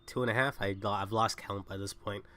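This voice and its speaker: A man's voice: lowish voice, fairly even intonation, a little fast, pushed and bright. A young man who is sick, chatting casually and rambling while livestreaming a game. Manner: rambling, self-interrupting. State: sick, coughing. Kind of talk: casual gaming livestream chat.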